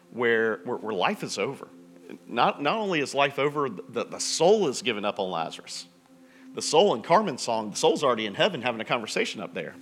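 A man preaching a sermon in a relaxed, conversational storytelling way, with frequent restarts and asides. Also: medium pitch. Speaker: pastor.

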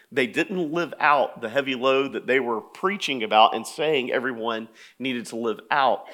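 A man preaching a sermon, talking plainly with stammers and restarts, then rising to loud, emphatic scripture reading. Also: mid-range voice. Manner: conversational asides with restarts and stammers. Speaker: pastor.

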